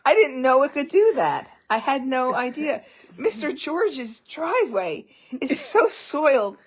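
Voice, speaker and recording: A woman co-host telling a story in casual chat, animated and laughing often. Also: high voice, a little slow. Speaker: co-founder and co-host.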